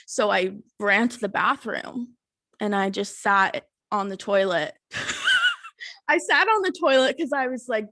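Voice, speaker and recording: A woman's voice: fairly high pitch, big pitch swings, moderate pace, pushed and bright, dry recording, studio quality. A woman in her twenties hosting a podcast, telling a dating story in casual, blunt talk full of swearing and exasperation. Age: 20s. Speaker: podcast host.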